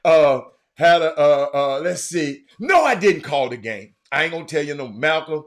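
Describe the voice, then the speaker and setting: A man hosting a casual livestream, reading viewer comments and greeting people by name in an animated, loose way. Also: fairly high pitch, moderate pace. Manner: animated, shouts out viewers by name, drifts off-mic. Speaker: livestream host.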